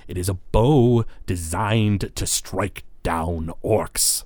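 A man voicing a hunched, sinister old devil dealmaker who speaks slowly and smugly. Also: low voice, darkish tone, dry recording. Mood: gracious. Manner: slow, smug, deliberate.

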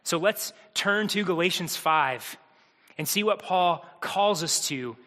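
Male pastor, high voice, energetic sermon delivery with repetition, church hall reverb. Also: slow pace. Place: church sanctuary.

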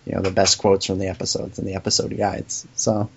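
A man's voice: low voice, little pitch movement, fairly quick, gravelly, slightly rough. A man hosting a podcast in casual chat, hesitant, with restarts and laughs. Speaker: podcast host. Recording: dull lo-fi sound.

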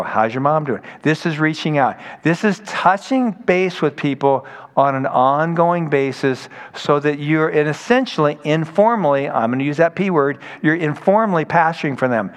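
A man preaching a sermon in a conversational, storytelling way, acting out quoted people as he goes. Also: fairly high pitch. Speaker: pastor. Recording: long hall reverb.

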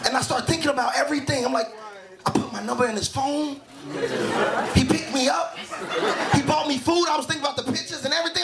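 A man performing a stand-up comedy set, telling an animated story and acting out both sides of a conversation. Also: extremely high pitch, fast, pauses often, heavy background noise. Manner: animated storytelling, acts out dialogue. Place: comedy club stage. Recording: live club set with loud crowd laughter. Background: audience laughing loudly.

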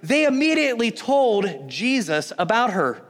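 A man preaching a sermon, animated, acting out the voices of onlookers in the story. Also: very high voice, unhurried. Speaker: pastor. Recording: long hall reverb.

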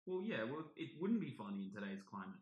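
A man in his twenties co-hosting a podcast, chatting casually with animated, jokey banter. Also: mid-range voice, fast talker, dull audio. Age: 20s. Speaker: podcast co-host. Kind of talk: casual chat. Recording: echoey room.

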